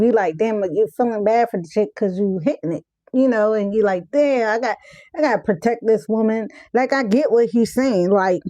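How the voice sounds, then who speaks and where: Dry, mellow woman reacting bluntly. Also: on the high side, dry recording. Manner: blunt, talks back to the clip. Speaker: reaction host. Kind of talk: casual reaction commentary.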